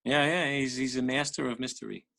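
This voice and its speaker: A man's voice: mid-range voice, steady tone, brisk, vocal fry, bright, forceful tone. A man being interviewed about his songs, talking in a rambling, reflective way. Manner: rambling and reflective, with many restarts. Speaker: musician guest. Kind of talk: casual interview chat.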